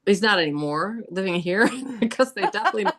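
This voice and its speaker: A woman telling ghost stories as a podcast guest, animated and chatty, acting out quotes with frequent laughs. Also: medium pitch, fairly quick. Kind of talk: casual storytelling about hauntings.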